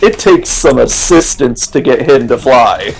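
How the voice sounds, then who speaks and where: A man's voice: mid-range voice, animated, measured pace, vocal fry, slight background noise, poor audio. A man streaming a video game, chatting casually with a friend in a profane, rambling way that often trails off mid-sentence. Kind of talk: casual chat while gaming.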